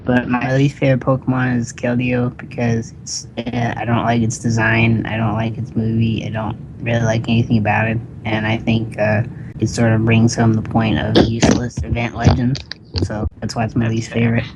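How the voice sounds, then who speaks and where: A man's voice: mid-range voice, completely flat delivery, normal speed, noisy background. A young man co-hosting a podcast in casual chat, matter-of-fact in tone. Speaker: podcast co-host.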